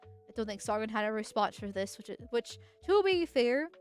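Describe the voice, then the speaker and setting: A woman streamer giving casual commentary on posts, thinking out loud and restarting her sentences often. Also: on the high side, lively intonation, normal speed, soft background music. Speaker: political streamer.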